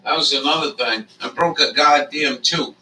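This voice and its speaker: Rambling, foul-mouthed man, bright voice. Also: a little high, normal speed, distant mic, a little hiss or hum, poor audio. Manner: rambling, heavy swearing, frequent fillers. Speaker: livestream host. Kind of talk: casual chat.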